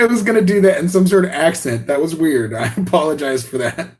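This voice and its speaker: Excited young-sounding man rambling on a livestream. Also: on the high side, brisk. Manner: excited, rambling, many restarts and laughs. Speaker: RC hobby channel host. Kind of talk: live unboxing stream chat.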